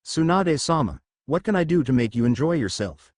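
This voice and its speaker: An eager young ninja who blurts out whatever he thinks in a blunt, earnest way, read by a man in his natural voice. The reading is close and dry, with very lively intonation. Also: fairly high pitch, a little fast, no room sound. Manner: blunt, earnest, a little awkward. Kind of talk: fan fiction story reading.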